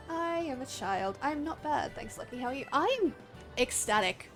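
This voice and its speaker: A young woman from Australia streaming a game, chatting casually with viewers, excitable, laughing often and swearing freely. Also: fairly high pitch, unhurried, soft background music. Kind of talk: casual live-stream chat.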